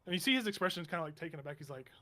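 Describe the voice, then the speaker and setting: A man narrating a tabletop game as game master in a meandering, halting way with many restarts. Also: on the high side, lively intonation, sharp tone. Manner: meandering, halting, self-correcting.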